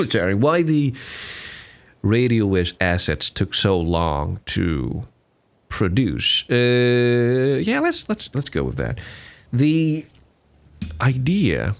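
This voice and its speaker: A young man hosting a casual solo podcast, rambling and self-deprecating with many restarts. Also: on the low side. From Singapore. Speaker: podcast host.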